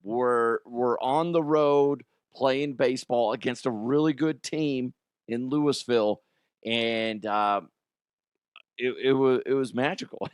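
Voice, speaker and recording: A middle-aged man and show host telling a story in an animated way, jumping from loud outbursts to quiet asides. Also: mid-range voice, takes it slowly, clear, resonant tone, no room sound, studio quality. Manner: excitable, swings from loud shouts to quiet asides.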